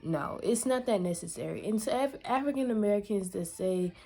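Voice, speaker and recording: A woman's voice: mid-range voice, expressive, brisk, mellow. A woman vlogger in a casual rant to camera, exasperated and emphatic, lecturing her viewers.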